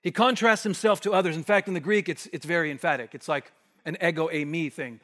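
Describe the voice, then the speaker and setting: A man preaching an expository sermon, emphatic, rising to forceful bursts and dropping to hushed asides. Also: on the high side, fast talker. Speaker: pastor. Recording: long hall reverb.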